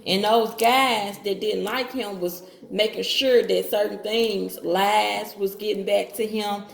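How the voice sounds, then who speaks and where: A woman's voice: medium pitch, fairly even intonation, slow pace, vocal fry. A woman telling her own story casually to viewers, speaking straight to them and acting out what people said in her own voice. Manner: talks straight to viewers with Southern-style slang, quotes others in her own voice. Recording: echoey room.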